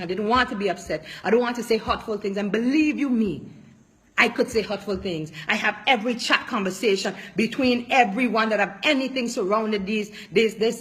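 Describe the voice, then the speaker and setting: Woman, politician, emotional and emphatic, high voice, bright and forceful tone. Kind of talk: impassioned public statement.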